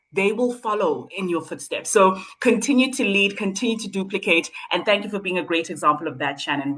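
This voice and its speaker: A woman's voice: mid-range voice, fairly bright tone, rough recording. Cheerful woman hosting a business call. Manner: cheerful and encouraging, quick to laugh. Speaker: call host.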